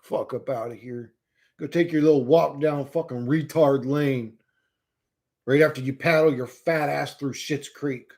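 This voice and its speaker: A livestream host with a medium-pitched, steady, slightly mellow voice talks at a measured pace. He rants straight at his viewers, swearing, heated and mocking, and chats with people in the stream chat.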